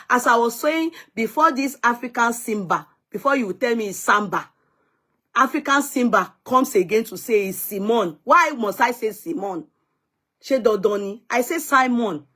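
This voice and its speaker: Husky-voiced Nigerian woman vlogger. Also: a little high. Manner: chatty, retorts to commenters, mixes in Yoruba phrases. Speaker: vlogger commenting on news. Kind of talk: casual commentary to viewers.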